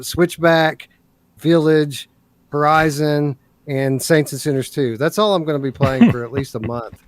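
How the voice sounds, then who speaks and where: A man on a casual gaming podcast, easygoing and soft-spoken as he chats about games. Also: fairly high pitch, dry recording.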